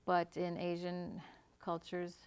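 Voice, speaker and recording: Calm lower-pitched woman co-hosting. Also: slow pace, smooth. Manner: calm, brief answers, soft agreeing murmurs. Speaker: co-host. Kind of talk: casual educational discussion.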